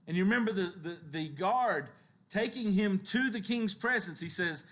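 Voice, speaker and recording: A man preaching a sermon who tells Bible stories with lively, acted-out quotes and occasional chuckles. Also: normal speed. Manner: animated storytelling, acting out biblical quotes with shifts in pitch and loudness.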